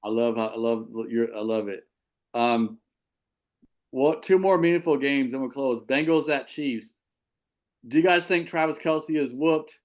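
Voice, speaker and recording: A man hosting a casual sports talk show, animated and quick to repeat himself as he asks his co-hosts questions. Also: medium pitch. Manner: animated, repeats and restarts words. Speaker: show host and football official.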